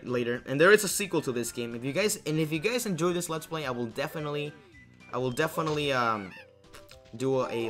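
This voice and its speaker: Playing a video game as a let's play host, a young man chats casually, rambles and jokes about himself with many fillers and restarts. He speaks in a mid-range voice with a fairly bright tone.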